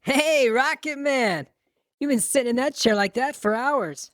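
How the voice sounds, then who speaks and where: A crude, dim-witted grown son, voiced by a woman, spits out mocking taunts in a high, pushed voice. The audiobook character is vengeful and loud, recorded dry and close. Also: measured pace, no echo. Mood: taunting.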